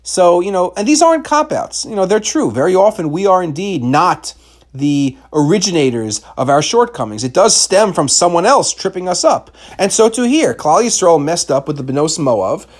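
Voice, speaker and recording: A man's voice: high voice, big pitch swings, moderate pace. A man giving a Torah class lecture, asking rhetorical questions and mixing in Hebrew terms.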